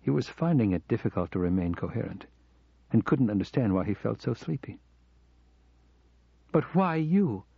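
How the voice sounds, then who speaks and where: A man narrating a novel in a measured, steady way, close to the mic, on a dull recording. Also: lowish voice, gravelly, slightly rough. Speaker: audiobook narrator. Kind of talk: scripted narration.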